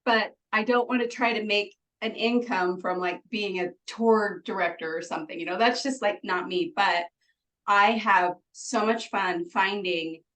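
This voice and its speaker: A woman guest, a retreat organizer, chats bubbly in a conversational interview, giggling a lot and filling gaps with "like" and "um." Her mid-range voice is a bit bright and measured in pace, captured on a rough recording.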